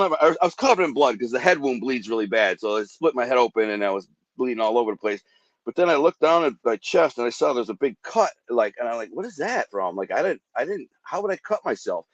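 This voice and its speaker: A man's voice: mid-range voice, expressive, fast, dry recording. A man telling a dramatic story from his own life in a vivid, rambling way, acting out the voices he quotes. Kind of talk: intense personal storytelling. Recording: dull dry podcast audio.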